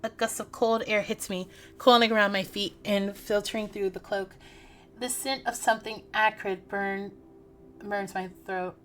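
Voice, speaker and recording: A woman streamer reading a game's story aloud, animated and breaking off with startled exclamations. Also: mid-range voice, measured pace, soft background music.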